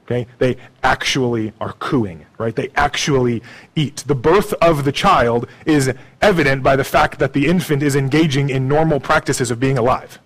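A man preaching a sermon in a conversational way, tagging his points with "okay?" and "right?", moving between soft, low asides and raised, emphatic lines. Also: normal speed, low-quality recording. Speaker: pastor.

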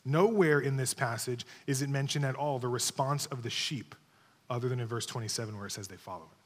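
A man's voice: mid-range voice, fairly quick. A man preaching a sermon, teaching emphatically, repeating key words and checking in with his listeners. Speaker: pastor. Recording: long hall reverb.

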